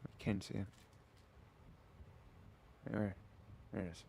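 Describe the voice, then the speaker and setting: A man's voice: lowish voice, level tone, takes it slowly, creaky, long pauses, dark tone, slightly rough, dry recording. A man streaming late at night, chatting casually and rambling back at his viewers.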